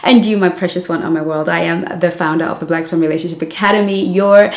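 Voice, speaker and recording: A woman who is a dating and relationship coach, giving a motivational talk and telling stories with affection, dramatic emphasis and pauses. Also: fairly low pitch, steady tone. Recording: echoey room.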